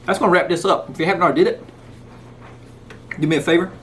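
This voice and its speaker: A high-pitched, fairly bright male voice talks fast on a casual cooking vlog, folksy in manner and sometimes with food in his mouth. Recorded outdoors in the rain and then inside, it has slight background noise.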